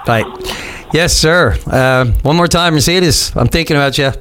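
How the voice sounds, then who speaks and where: A man hosting a call-in radio show, talking in a relaxed, rambling way with lots of fillers. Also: fairly high pitch, normal speed, background noise. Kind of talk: casual call-in radio chat.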